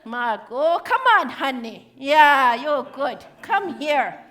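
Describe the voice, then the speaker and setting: High bright old cree auntie, a woman doing the voice, slow and cheeky, cree-accented english, teasing everyone. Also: expressive, full character voice. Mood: coaxing. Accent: Cree-inflected English. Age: older. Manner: teasing, chatty, drops grammar endings. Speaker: stage storyteller. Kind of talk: live comedic character monologue.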